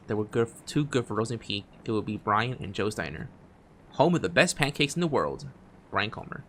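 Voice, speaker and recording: Male streamer, deepish voice, reads narration off screen with frequent restarts and muttered side comments. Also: a little hiss or hum. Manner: reads on-screen text aloud, stumbling and restarting phrases; drops quiet asides between read lines. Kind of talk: gameplay commentary, reading game text aloud.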